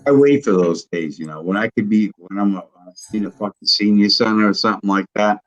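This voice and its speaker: A man in his sixties with a gravelly voice, rambling and swearing constantly in casual chat. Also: fairly low pitch, fast, lo-fi sound, soft background music. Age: 60s. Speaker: video creator on a live call.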